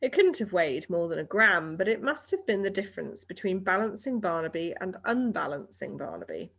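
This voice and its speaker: A woman reads a children's novel aloud in a steady, expressive storytelling manner. Her voice is lowish for a woman. She keeps an even reading pace. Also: fairly quick, gravelly, slightly rough. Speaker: reader.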